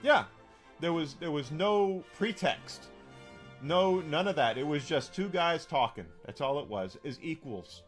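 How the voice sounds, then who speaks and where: Rambling storytelling man, slightly high voice. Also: animated, unhurried, soft background music. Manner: rambling, with many restarts and fillers. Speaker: game streamer. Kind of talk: casual storytelling while streaming.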